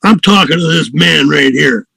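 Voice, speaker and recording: Easygoing older blues star, reassuring, high fry-tinged voice, as a storyteller quotes him. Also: male voice, moderate pace, bright, forceful tone, dry recording, clean studio sound, full character voice. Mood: friendly.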